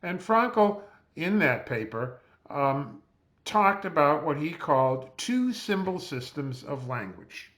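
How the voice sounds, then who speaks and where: A man, a physician, giving a measured, explanatory lecture over slides while seated at a close mic. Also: a little high, sing-song, a bit bright. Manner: measured, explanatory, spells out terms.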